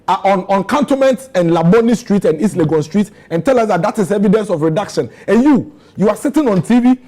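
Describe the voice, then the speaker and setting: A man's voice: high-pitched, expressive, brisk, mellow. A Ghanaian man with a Ghanaian accent, arguing hotly as a panelist in a political debate on morning television, pressing questions and repeating lines with growing outrage. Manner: impassioned, rising to pleading outrage.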